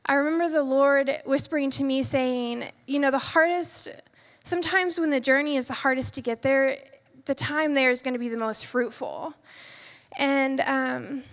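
A young woman, a medical student, giving an earnest church testimony with many fillers and soft asides. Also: sits high, big-room sound. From United States.

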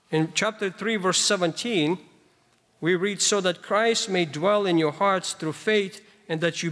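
A man's voice: fairly high pitch, a bit bright. A man preaching a sermon, explaining scripture verses emphatically with conversational asides to the congregation. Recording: long reverb of a large hall.

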